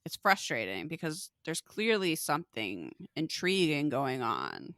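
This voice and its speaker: Woman cohost, bright lively voice, swoopy pitch, snarky jokes, dry mic. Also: a little slow, dry recording. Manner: wry jokey quips, lively delivery. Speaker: podcast co-host. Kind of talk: casual chat.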